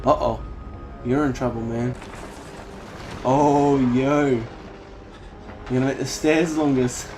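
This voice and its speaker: Excitable man reacting to a film. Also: medium pitch, slow pace, long pauses, soft background music. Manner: animated, exclaiming, swearing freely. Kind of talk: casual reaction commentary. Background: film soundtrack playing.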